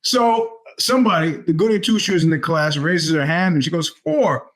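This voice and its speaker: Podcast host: middle-aged New man, slightly raised pitch, loose rambling storyteller. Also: moderate pace, a bit bright. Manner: rambling storyteller with many restarts and fillers. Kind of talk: casual monologue.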